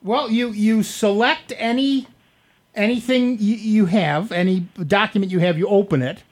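Speaking at normal speed in a voice that sits high, a man runs a call-in computer advice show from a radio studio on a studio microphone. He talks casually and rambles a bit while explaining fixes to callers one step at a time.

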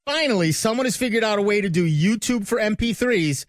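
A man's voice: high voice, animated, a little fast, no room sound. A man hosting a call-in tech radio show, reading news items and bantering with co-hosts. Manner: chatty, reads news items then banters. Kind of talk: casual tech talk radio. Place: radio studio.

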